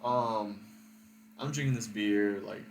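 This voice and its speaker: A man's voice: on the low side, slow pace, vocal fry. A young man telling a story casually, rambling and profane with lots of filler words. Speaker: vlogger. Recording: echoey room with background noise.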